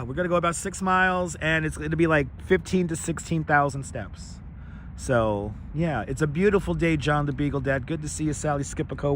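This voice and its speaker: Hoarse New man greeting viewers. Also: on the high side, sharp tone, slight background noise. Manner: rattles off viewer names with repeated welcomes. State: scratchy, hoarse voice. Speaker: livestream host. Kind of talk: live walking stream, greeting chat. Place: outdoors on city streets. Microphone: wireless clip-on mic.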